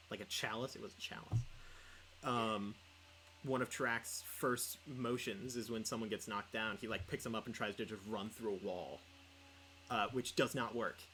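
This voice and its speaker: A man's voice: on the low side, bright, forceful tone, slight background noise, poor audio. A young man chatting casually on a livestreamed podcast, rambling with lots of filler words. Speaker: podcast co-host and player.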